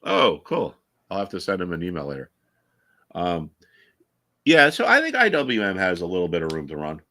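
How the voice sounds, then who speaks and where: A man's voice: sits low, wildly swooping pitch, moderate pace, pushed and bright. A man hosting a live trading stream, chatting casually and with strong opinions, full of restarts and fillers.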